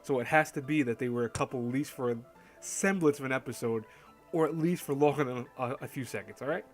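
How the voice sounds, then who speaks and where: A man talks through an anime countdown in a loose, chatty way, often stopping to correct himself and laughing at his own slips. His voice sits in a middle pitch, with soft music faint behind him. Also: quick pace. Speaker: host. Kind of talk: casual anime list commentary.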